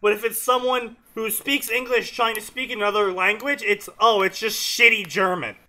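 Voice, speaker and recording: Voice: mid-range voice, steady tone, moderate pace, sharp tone. A streaming co-host in casual voice chat who laughs often and swears freely. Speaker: podcast co-host.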